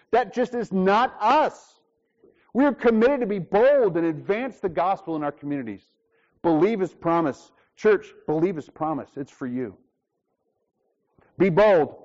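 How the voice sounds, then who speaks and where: Male pastor, high voice, emphatic sermon delivery, rhetorical questions, muffled lo-fi recording. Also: a little mellow. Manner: emphatic preaching with acted dialogue and rhetorical questions.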